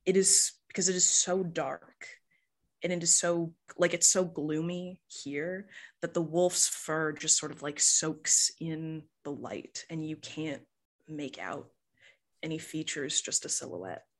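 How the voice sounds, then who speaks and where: A woman's voice: sits low, slow. A woman narrating a tabletop horror game as game master, descriptive, with many fillers.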